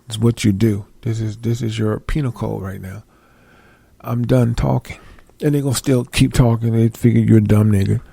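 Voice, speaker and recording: Reading passages of scripture in a relaxed sermon, this middle-aged preacher keeps a conversational tone and asks his audience whether they agree. He has a husky, warm, mid-range voice with some vocal fry, captured without room sound.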